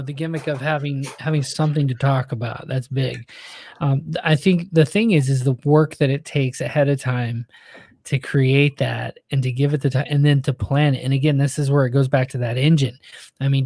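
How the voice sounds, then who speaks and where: Mellow-voiced man hosting a casual interview. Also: medium pitch, no room sound. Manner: casual, rambling, lots of fillers. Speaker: host.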